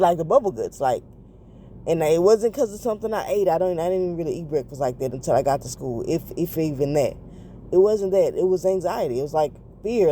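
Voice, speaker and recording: A woman's voice: lowish voice, warm tone, slight background noise. A woman hosting a podcast in a casual confessional monologue, rambling and correcting herself with lots of fillers. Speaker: podcast host.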